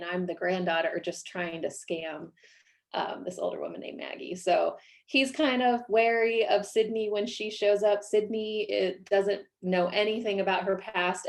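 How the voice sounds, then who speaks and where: Author woman with a lowish voice. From Iowa, US. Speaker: author guest. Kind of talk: casual interview chat.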